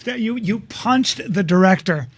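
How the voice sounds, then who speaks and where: A man hosting a casual talk show, asking chatty, animated questions. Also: high-pitched, unhurried, breathy edge, no room sound. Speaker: podcast host.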